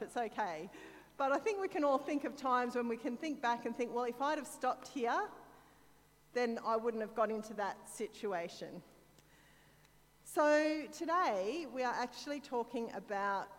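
A woman's voice: a little high, in a large hall. A woman with an Australian accent giving a conversational sermon, telling stories with chatty, self-deprecating asides. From Sydney, Australia. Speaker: church speaker.

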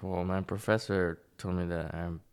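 Young adult man from Hawaii; low, gravelly voice; deadpan, terse replies. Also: moderate pace. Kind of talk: casual chat.

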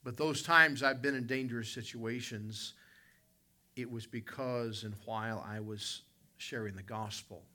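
A man preaching a sermon as pastor, emphatic, surging to loud peaks and then dropping low. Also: fairly even intonation, unhurried. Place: church service with congregation responding.

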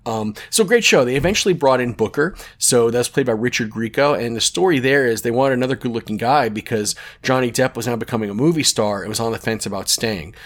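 A man in his forties hosts a podcast in a loose, rambling monologue. He tells stories with enthusiasm, drifts off topic and swears casually. His voice sits at an ordinary pitch for a man. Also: brisk, few pauses. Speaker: podcast host.

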